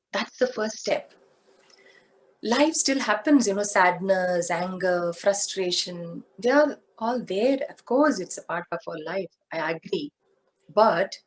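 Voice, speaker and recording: A woman giving a motivational spiritual talk, speaking deliberately and asking her listeners questions. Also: mid-range voice, rough recording. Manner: slow, deliberate, asks the audience questions.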